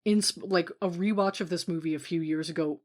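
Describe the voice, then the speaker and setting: A woman's voice: on the low side, fairly even intonation, a little fast. A woman co-hosting a podcast, chatting casually and enthusiastically about a film, laughing often and trailing off into fillers. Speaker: podcast co-host.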